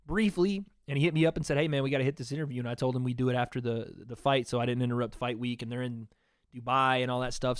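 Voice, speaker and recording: A man's voice: fairly high pitch, clean tone, no echo, clean studio sound. A man hosting a casual livestream, chatting loosely with his viewers and reading out their donations. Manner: chatty, reads donations aloud, talks to chat. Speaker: livestream host.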